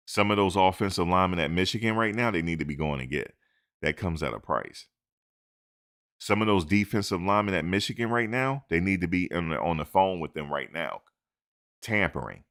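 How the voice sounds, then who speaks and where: A man with a very low voice talks sports straight into a close microphone. He is emphatic and animated, hammering points home by repeating them. He lectures his audience like a fired-up commentator. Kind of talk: opinionated sports talk.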